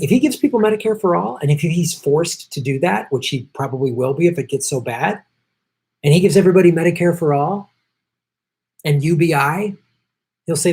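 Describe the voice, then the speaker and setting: Ranting on his political commentary show, a middle-aged male host swears heatedly and repeats his points with heavy emphasis. His voice runs on the high side, darkish in tone.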